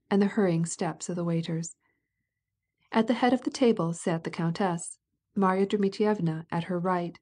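A woman narrating a classic novel as an audiobook, in a calm, measured, even manner. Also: on the low side.

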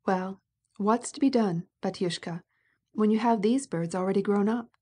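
A woman voicing a blunt, domineering fifty-year-old society matron in an audiobook, speaking gruffly and bossily. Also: mid-range voice, normal speed, mellow, natural voice. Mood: scolding. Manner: gruff, scolding and bossy.

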